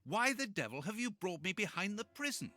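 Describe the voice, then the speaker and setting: Brief: loyal game sidekick doctor, bright, lively, slightly anxious. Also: male voice, sits high, fairly quick, faint music behind, full character voice. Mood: earnest. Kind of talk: video game voice acting.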